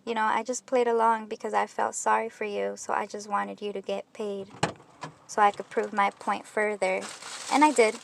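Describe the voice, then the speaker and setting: Gravelly, monotone woman ranting on camera. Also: medium pitch, moderate pace, a little hiss or hum. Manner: accusatory, rambling and scornful. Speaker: YouTube commentator. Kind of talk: reaction video commentary.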